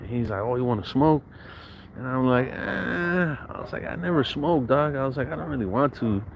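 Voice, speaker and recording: A man's voice: mid-range voice, fast talker, gravelly, a little hiss or hum, poor audio. A young adult man casually telling a personal story, swearing often, laughing and acting out the voices of the people he quotes.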